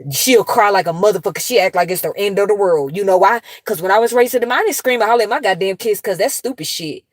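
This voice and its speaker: A woman's voice: mid-range voice, fast, no echo. Blunt, cursing woman vlogger ranting. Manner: blunt, heavy cursing, animated storytelling. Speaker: commentary vlogger, mother of two. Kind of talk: casual commentary rant to viewers.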